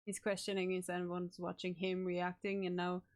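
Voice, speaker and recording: A woman's voice: on the low side, monotone. A woman streamer chatting casually during a reaction video, often breaking into giggles. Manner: giggly, quick to laugh.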